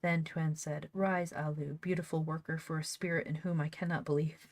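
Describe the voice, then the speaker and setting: A woman with a low, darkish voice reads an old storybook aloud at a normal speed, her delivery flat and the recording dry. Now and then she stops to laugh and make casual comments on the text.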